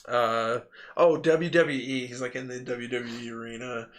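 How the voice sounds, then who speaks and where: A man's voice: medium pitch, fairly even intonation, normal speed. A man hosting a live stream, chatting casually and rambling through anecdotes with lots of fillers and laughter. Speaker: stream host.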